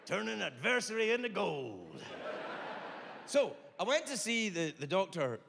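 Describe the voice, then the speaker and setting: A Scottish man doing stand-up storytelling in an animated, confessional, exaggerated way. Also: sits high, unhurried, creaky, background noise. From Scotland. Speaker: stand-up comedian. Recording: long hall reverb, faint ambience.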